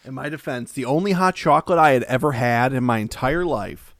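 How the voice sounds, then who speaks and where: A man's voice: mid-range voice, a little fast, a bit bright, no room sound. A man co-hosting a podcast in casual chat, rambling and joking crudely with many filler words, into a studio mic. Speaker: podcast co-host.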